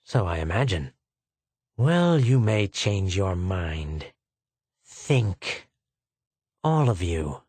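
Menacing villain read by a man, low and slow, contemptuous. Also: big pitch swings, darkish tone, slightly rough, no echo, full character voice. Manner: contemptuous, mocking, deliberate. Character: sneering cruel male official, slow and menacing.

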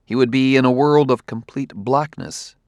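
A man reading a novel aloud as audiobook narrator, in a measured, steady way. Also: medium pitch, no room sound. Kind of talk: scripted narration.

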